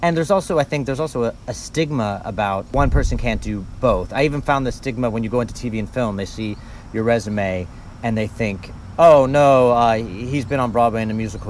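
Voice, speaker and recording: A man's voice: medium pitch, darkish tone, a little hiss or hum. A man, a musical theater performer, talking in a friendly, engaged way in casual conversation.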